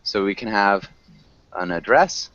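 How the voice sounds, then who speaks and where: A man's voice: lowish voice, animated, unhurried, a bit bright, no echo, muffled recording. A man teaching an English class online, patiently correcting pronunciation with frequent ums.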